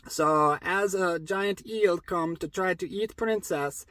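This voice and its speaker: A man tells a story for kids in a playful, deliberately broken English, full of fillers. His voice sits fairly high. The recording is close and dry. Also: sharp tone, no echo. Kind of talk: comic story retelling.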